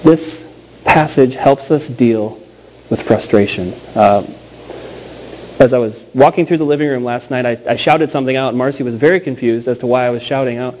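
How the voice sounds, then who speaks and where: A man in his thirties delivers a sermon in an easy, conversational voice of ordinary pitch. He tells stories with plenty of small fillers, then slows down and repeats the key lines to drive them home. A faint hiss of background noise sits under his voice. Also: a little mellow, poor audio. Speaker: pastor.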